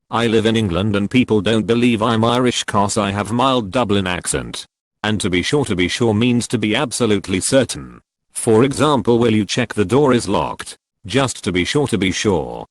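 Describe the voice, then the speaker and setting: A man narrating a series of online forum posts as scripted readings, in a lively, up-and-down delivery. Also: on the low side, no room sound.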